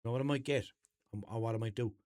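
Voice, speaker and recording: A man's voice: medium pitch, quick pace, darkish tone, dry recording, clean studio sound. A young Irish man hosting a comedy podcast, rambling through an unscripted bit in a jokey, mock-serious way. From Ireland. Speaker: podcast host.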